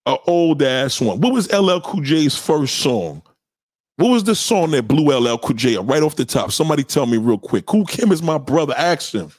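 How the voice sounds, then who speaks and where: A middle-aged man with a New York accent, trash-talking his chat in a loud, profane, boastful way while he plays records on a live stream. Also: a little high, sing-song, normal speed, no echo, studio quality. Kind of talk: hyped trash talk over music.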